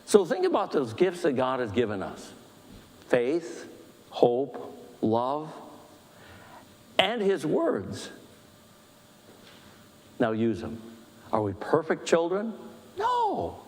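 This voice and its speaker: A man leading a church book discussion, talking fast with animated, self-deprecating humor. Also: mid-range voice, big-room sound. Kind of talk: church teaching talk. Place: church hall.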